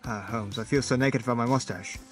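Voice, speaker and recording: A man voicing a fretful male sidekick doctor in an amateur comedy sketch, speaking low and quietly. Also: brisk, soft background music, close to an everyday voice. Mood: anxious.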